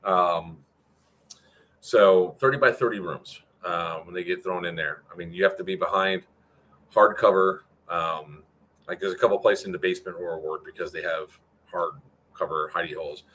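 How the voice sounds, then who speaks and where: Male event organizer, deep, bright-edged voice, casual rambling update style. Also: steady tone, normal speed, slight background noise. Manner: rambling, filler-heavy, answers chat.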